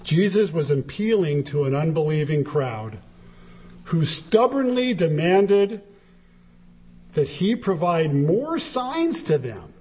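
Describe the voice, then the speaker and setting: A man delivers a sermon in an emphatic, dramatic way. His voice sits high for a man and swings widely in pitch, rising sharply whenever he quotes. It moves between soaring lines and low, quieter phrases. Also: takes it slowly. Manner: animated, emphatic, dramatic shifts in pitch when quoting. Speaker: preacher.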